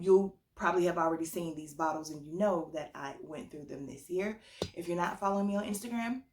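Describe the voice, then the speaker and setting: Chatty woman, low voice, echoey room. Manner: chatty, enthusiastic, says "like" often. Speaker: perfume channel host. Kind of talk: casual chatty review vlog. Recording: echoey room, mic at a distance.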